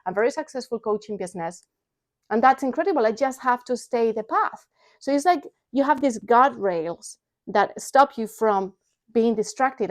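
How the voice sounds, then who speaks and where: A woman in her forties talks through a casual personal vlog with a slightly high voice. She is animated and excitable, slipping into hushed, confiding asides before bursting back into enthusiasm. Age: 40s. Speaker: vlogger and entrepreneur.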